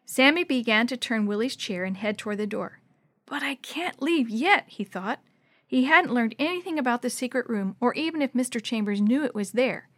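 Brief: woman narrator, children's storybook, expressive delivery, fairly high voice, dry close sound. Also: a little fast, few pauses, no echo. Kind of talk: scripted narration of a children's book.

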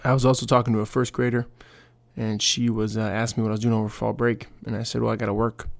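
A man's voice: on the low side, flat delivery, fast, creaky, no room sound. A young man hosting a casual solo podcast, rambling through stories with quoted voices and asides. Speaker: podcast host.

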